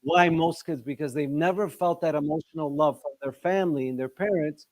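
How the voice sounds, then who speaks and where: Middle-aged male discussion leader, lively, questioning delivery, dry close sound. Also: a little fast, dry recording. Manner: lively, asks the audience questions, shifts pitch sharply for emphasis. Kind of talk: religious talk to an audience.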